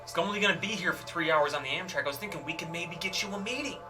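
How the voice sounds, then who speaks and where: A man playing a tabletop game, talking in character as a smooth, persuasive hustler with frequent fillers. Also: high voice, racing, music in the background. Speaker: player.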